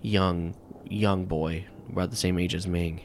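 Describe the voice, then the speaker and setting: A man's voice: low voice, fairly even intonation, measured pace, slight background noise. A man narrating a tabletop game as game master, rambling and filling with "like" and "um.". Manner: rambling, full of "like" and "um".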